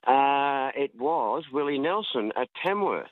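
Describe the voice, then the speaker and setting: A man's voice: mid-range voice, lively intonation, a little slow, no echo. An older Australian man calling in to a radio show, chatty and rambling as he tells a story while walking in a park. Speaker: caller. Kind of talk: casual phone-in chat. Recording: tinny phone line.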